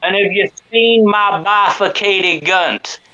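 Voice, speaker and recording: A man's voice: high voice, slow, pushed and bright, dull audio, exaggerated voice. An English man putting on a crude, rambling southern American character with a drawling twang. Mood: mocking.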